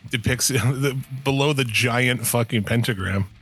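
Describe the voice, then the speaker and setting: A man's voice: mid-range voice, measured pace, fairly bright tone, slightly rough, soft background music. A man co-hosting a podcast, chatting loosely with lots of swearing, rambling and trailing off mid-thought. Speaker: podcast co-host. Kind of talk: casual profane chat.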